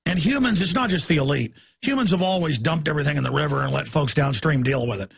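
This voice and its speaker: Gravelly, high-pitched ranting radio host. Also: male voice, expressive. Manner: heated, rapid-fire ranting. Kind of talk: talk radio monologue.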